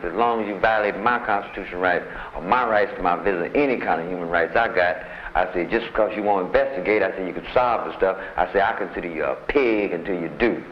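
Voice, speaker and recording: Low-voiced man telling a prison story. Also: brisk, hardly any pauses, a little hiss or hum. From United States. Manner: loose and rambling, full of "man" and "you know". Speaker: interviewee recounting time in solitary. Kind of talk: casual storytelling in street slang. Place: prison visiting room. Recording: muffled lo-fi archival tape.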